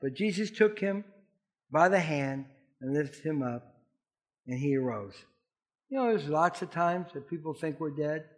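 A man preaching a sermon, expressive and emphatic, leading his congregation in responses. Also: fairly high pitch, unhurried, pauses often. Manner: leads the congregation in call-and-response. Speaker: pastor.

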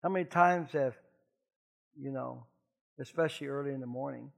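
A middle-aged man preaching a conversational sermon in a folksy, joking way with animated asides. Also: medium pitch, moderate pace, vocal fry. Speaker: pastor.

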